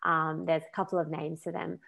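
A woman's voice: sits low, flat delivery, brisk, creaky, fairly bright tone. A woman, a money coach, presenting a finance talk in a chatty, loose way with fillers.

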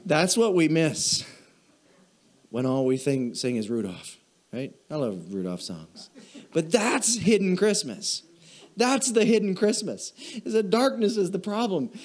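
A man preaching a church sermon as pastor, who repeats short phrases in a steady cadence, asks the congregation for an "amen", and gets emotional while reading. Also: fairly high pitch, measured pace. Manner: repetitive preaching cadence, call and response. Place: church sanctuary.

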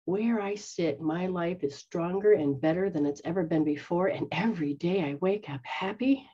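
A woman's voice: on the low side, moderate pace, dark tone, slightly rough. A woman who is a psychic medium and spiritual teacher, talking earnestly to her followers and acting out quoted voices. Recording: dull lo-fi sound.

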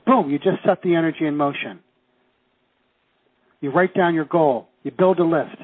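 A little high and husky, this middle-aged Canadian man's voice moves at a moderate pace as he leads a live seminar. He quizzes his students and dramatizes the reactions he quotes in a lively way, heard through tinny, phone-like audio.

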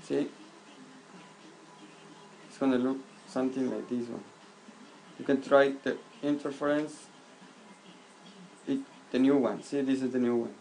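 Speaking at a medium pitch with a steady, slightly mellow tone, a gravelly man guides viewers through a casual screen-recorded walkthrough for YouTube. His delivery halts and doubles back on words while his directions stay plain and simple, and the poor audio carries faint background noise.

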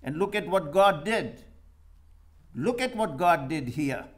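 Slow-speaking high-voiced male preacher. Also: animated. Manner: reads scripture aloud and asks the congregation questions. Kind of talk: sermon.

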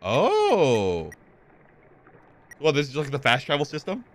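A man's voice: a little high, quick pace. A young man doing live, joking gameplay commentary as a streamer, swearing casually. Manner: animated, swears casually, jokes.

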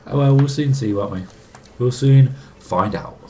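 A young man giving excitable, casual commentary while playing a football game, arguing back at the screen and laughing. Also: medium pitch, measured pace. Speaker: gaming YouTuber.

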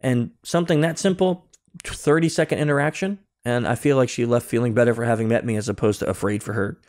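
A security consultant guesting on a podcast shares a personal story conversationally, acting out exchanges and restarting often, all captured over a remote call. He speaks at a quick pace in a medium-pitched, darkish voice.

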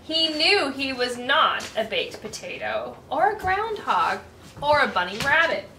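A young woman hosting a storytime, reading a children's picture book aloud in a sing-song, expressive way. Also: sits high, a little slow, vocal fry, recorded from a distance. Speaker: storytime host. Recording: echoey room, voice from off-mic, faint hiss.

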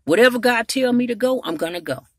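A woman's voice: a little high, expressive, quick pace, dry recording. Woman evangelist, storytelling sermon that builds to exhortation; dry close sound. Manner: preachy storytelling, swells louder to exhort, frequent hallelujahs.

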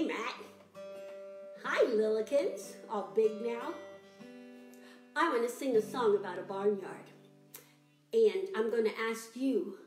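Slow-talking woman leading a kids' sing-along. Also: medium pitch, echoey room. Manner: animated, chatty, greets viewers by name. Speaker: children's music teacher. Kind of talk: live-streamed children's sing-along.

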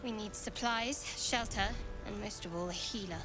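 An actress voicing a guarded, earnest young woman cleric in a video game, with measured, composed delivery. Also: medium pitch, natural voice. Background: game music.

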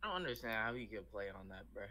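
A man's voice: on the low side, very animated, fast talker, noisy background. A young man trash-talking his friends in slangy banter over voice chat. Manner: teasing, slangy trash talk. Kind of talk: casual gaming chat.

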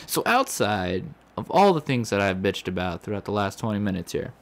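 Low-voiced man ranting over a game. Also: lively intonation, moderate pace, hardly any pauses, a little hiss or hum. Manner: profane, frustrated ranting. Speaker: gaming commentator. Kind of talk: let's play commentary.

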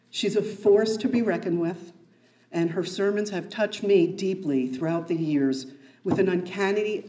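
A woman giving a prepared introduction to a speaker at a meeting, halting and restarting her words. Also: on the low side, dark tone. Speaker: event host introducing a speaker. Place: meeting room.

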